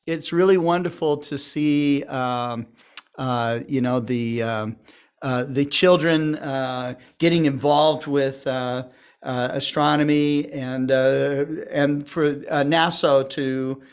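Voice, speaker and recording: A man hosting an online star party, thanking a speaker slowly and with many fillers. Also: medium pitch, steady tone, clean tone. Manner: slow, warm thanks with fillers. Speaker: host.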